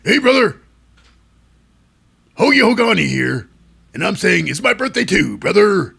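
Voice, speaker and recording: Guy doing a raspy high yelling wrestler dude, big swoops in pitch. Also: big pitch swings, measured pace, full character voice. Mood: boisterous. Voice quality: gravelly, shouty. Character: brash wrestler-style birthday boy, man.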